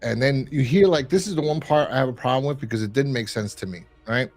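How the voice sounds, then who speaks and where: Podcast host, man, mid-pitched, loose casual rambling recap delivery. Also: quick pace, soft background music. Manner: rambling, lots of fillers and "like". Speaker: podcast host reviewing a horror episode. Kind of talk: casual chat.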